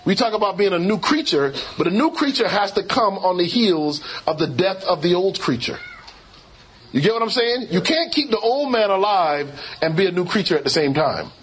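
A male preacher telling a story from his work as a doctor, his voice pitched high with a husky edge. He acts out each exchange as he tells it, then turns it into a sermon lesson. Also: moderate pace, rough recording. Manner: animated storyteller, acts out quoted dialogue. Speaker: preacher and physician.

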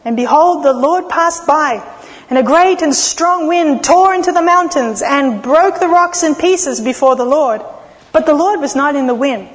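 A woman preaching a sermon, telling stories expressively and slowing down for dramatic pauses. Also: high-pitched, expressive. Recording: long reverb of a large hall.

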